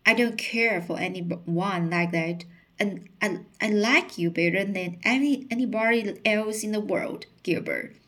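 Picture a young woman pleading and upset in a storybook scene, read by a woman in her own voice. The delivery is slow and unhurried, with halting restarts along the way, and the pitch sits in a middle range. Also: fairly bright tone.

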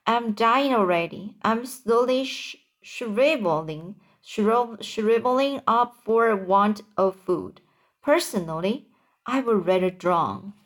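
A slow, mournful storybook earthworm, blind and certain that everything ends in disaster, as a woman reads him aloud. His complaints drag along at an unhurried pace. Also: on the high side, expressive. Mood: gloomy. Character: gloomy blind male earthworm, doom-saying.

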